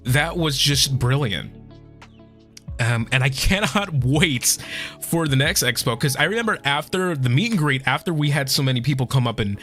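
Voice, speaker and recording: A man's voice: medium pitch, lively intonation, moderate pace, a bit bright, faint music behind. A young man streaming casual chat, tearful and swearing a lot as he thanks his viewers.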